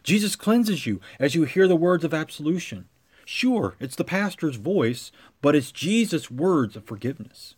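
A man preaching a sermon as pastor, with a measured cadence that swells into emphatic lines. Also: a little high, sing-song, a little mellow, husky.

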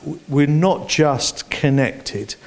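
A man's voice: a little high, slow, darkish tone. A man, a church leadership director, speaking animatedly and playfully in an onstage interview in front of a congregation.

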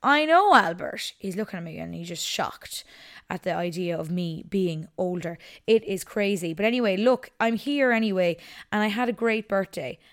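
A woman, hosting a casual solo podcast from her couch at home, chatty and animated. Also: fairly low pitch, normal speed. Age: 20s. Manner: chatty and animated, breaks off to scold her dog. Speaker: podcast host. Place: living room at home, on the couch.

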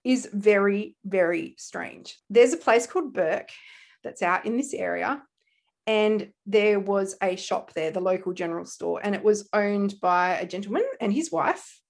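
An Australian woman co-hosting a casual true-crime podcast, telling the story with animated asides and frequent laughs. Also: medium pitch, measured pace, vocal fry. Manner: animated storyteller, laughs often, slips into quoted voices. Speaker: podcast co-host.

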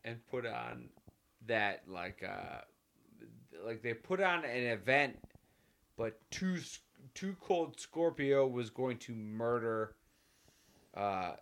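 A man's voice: medium pitch, expressive, slow, pauses often, a bit bright. A man co-hosting a podcast, chatting casually in a laid-back, profane, rambling way. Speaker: podcast co-host. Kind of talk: casual chat.

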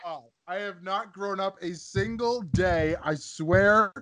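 Halting young man, slightly high voice. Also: fairly bright tone. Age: young adult. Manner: halting, searches for words. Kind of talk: casual chat.

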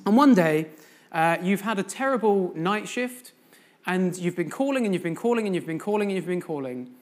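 Man preaching a lively sermon. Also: high-pitched, moderate pace. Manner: storytelling, addresses the congregation with questions. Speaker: guest preacher. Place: church.

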